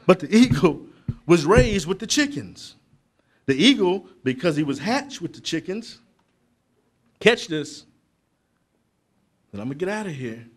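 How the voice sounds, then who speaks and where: A middle-aged man, giving a motivational speech to young people at a conference, preacherly and building to loud emphatic peaks with asides to the crowd. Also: high voice, big pitch swings, a little slow, long pauses. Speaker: motivational speaker. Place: conference hall.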